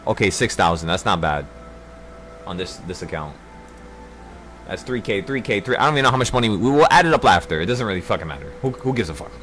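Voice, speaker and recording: Intense, animated man giving a pep talk. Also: fairly low pitch, fast, faint music behind. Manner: intense and preachy, with profanity and repetition. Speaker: trading group leader. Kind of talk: livestream pep talk to traders.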